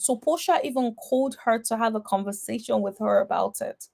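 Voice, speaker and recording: A woman's voice: on the high side, brisk, creaky, hardly any pauses, darkish tone. A woman giving blunt, sassy reaction commentary on a reality TV episode, talking straight at the cast members. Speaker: reality TV recap vlogger.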